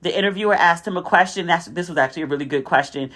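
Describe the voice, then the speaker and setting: A woman's voice: very fast, a bit bright. Chatty woman host telling stories. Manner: chatty storytelling, acting out quotes with a raised pitch. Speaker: podcast host. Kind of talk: casual chat.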